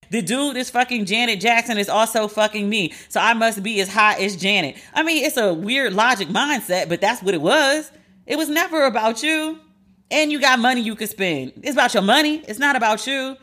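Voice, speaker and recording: A woman hosting a podcast, chatting casually about celebrity gossip in an animated, sassy, profane way. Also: a little high, moderate pace. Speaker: podcast host.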